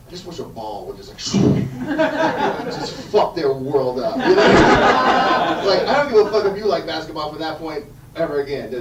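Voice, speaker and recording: A man's voice: medium pitch, background noise. A man doing a loose, profane stand-up comedy set at a backyard show, with the audience laughing. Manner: loose, profane, riffing storyteller. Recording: roomy, distant live recording.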